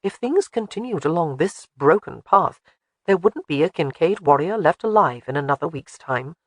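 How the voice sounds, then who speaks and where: Expressive audiobook narrator, lively delivery. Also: medium pitch, moderate pace, dry recording. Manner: expressive storytelling. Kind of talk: scripted narration.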